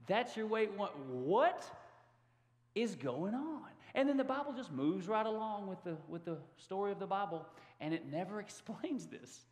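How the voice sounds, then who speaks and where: A man preaching a sermon to his congregation, animated and given to sudden loud outbursts. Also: high voice, a little fast, few pauses. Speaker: pastor. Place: church sanctuary. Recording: long hall reverb.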